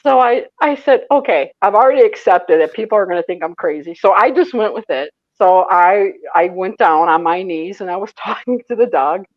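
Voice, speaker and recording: A woman's voice: mid-range voice, expressive, moderate pace, few pauses, dry recording, dull audio. A woman from Michigan, a psychic medium, telling a story as an interview guest, laughing often and acting out the voices she quotes. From Michigan, USA. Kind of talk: animated storytelling in a casual interview.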